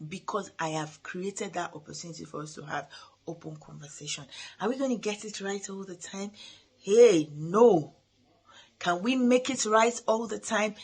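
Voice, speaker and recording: Husky middle-aged woman giving parenting advice. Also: fairly low pitch. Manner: earnest, advising, with frequent restarts. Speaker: parenting podcast host. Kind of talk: motivational talk.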